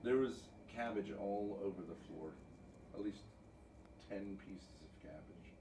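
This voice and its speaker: A man's voice: on the low side, a little slow, noisy background. A man streaming live, bickering in a grumpy, sarcastic, bossy way. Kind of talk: bickering livestream chat.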